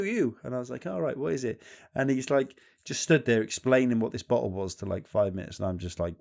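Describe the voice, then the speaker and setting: A man's voice: mid-range voice, expressive, fast, gravelly, darkish tone. A man from England co-hosting a podcast, in casual, banter-filled chat with casual swearing. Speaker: podcast co-host.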